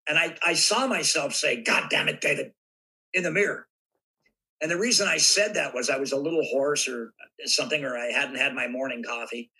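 An older man from Southern California, a guest actor telling animated stories in a podcast interview and acting out voices now and then. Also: mid-range voice, a little fast, breathy edge, low-quality recording. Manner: animated anecdotes with acted-out voices.

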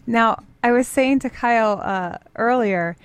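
Woman, morning radio co-host, giggly, casual banter, fairly high voice, dry studio sound. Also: unhurried, clear, resonant tone, dry recording. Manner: giggly, game for silly voices. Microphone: studio microphone.

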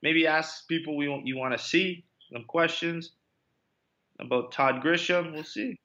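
Male co-host, bright slightly high voice, playful teasing, muffled lo-fi sound. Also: a little slow. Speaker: podcast co-host, former kickboxer. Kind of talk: casual podcast chat.

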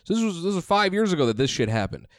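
Profane, animated man telling stories. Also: high voice, quick pace, no echo, studio quality. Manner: profane, animated storytelling with acted-out quotes. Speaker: podcast co-host. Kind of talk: casual chat. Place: in New York.

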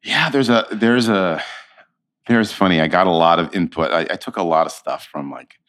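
A man in his fifties, an actor, chatting as an interview guest and telling animated stories. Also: deep voice, normal speed. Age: 50s. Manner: animated storyteller, acts out quotes. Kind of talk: casual interview chat.

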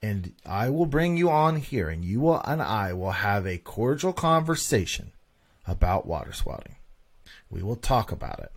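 Animated low-voiced man hosting a podcast. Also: moderate pace. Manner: animated, emphatic, repeats points for stress. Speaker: podcast host. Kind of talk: casual podcast monologue.

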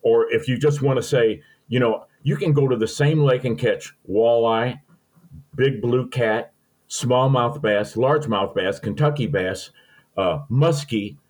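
A man's voice: medium pitch, unhurried, a little mellow, rough recording. An older man from Missouri, a guest telling folksy, sentimental stories in an interview. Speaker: podcast guest. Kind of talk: storytelling interview.

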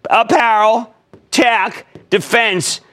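A man in his sixties hosting a TV stock market show, talking in an emphatic, excitable way and sometimes shouting out names. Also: very high voice, drawn-out words. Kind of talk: energetic TV finance commentary.

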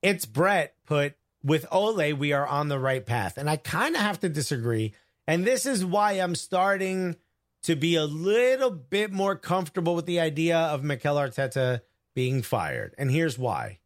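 Animated man, lively pitch. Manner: animated, joking, quick opinions. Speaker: co-host. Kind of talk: casual sports talk.

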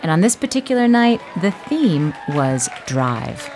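Lively low-voiced woman radio host. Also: a little slow, a crowd in the background, noisy background. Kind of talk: scripted radio narration. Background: music bed.

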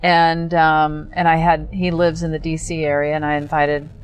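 A middle-aged woman telling stories in a dry, understated way, pausing often on ums in casual chat. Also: low-pitched, flat delivery, clean tone, no room sound, rough recording. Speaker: guest.

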